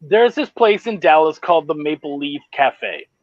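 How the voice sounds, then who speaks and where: A Canadian man hosting a casual podcast chat, excitable and swearing freely as he talks. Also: a little high, moderate pace, dry recording, muffled recording. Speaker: podcast host.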